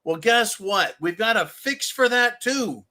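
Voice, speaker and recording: A man hosting a livestream commentary show, talking in a loud, ranting way and laughing often. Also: high voice, expressive, measured pace. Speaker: show host.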